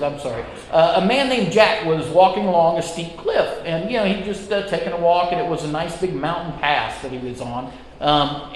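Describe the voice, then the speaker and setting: A man's voice: fairly high pitch, slight background noise. A man teaching a Sunday school class, chatty and self-deprecating, opening with jokes. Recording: echoey hall with reverb.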